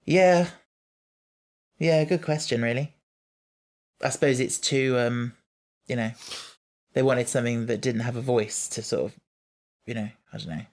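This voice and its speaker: A podcast host, chatting casually about an episode, animated and quick to quote scenes. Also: medium pitch. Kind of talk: casual chat reviewing an episode.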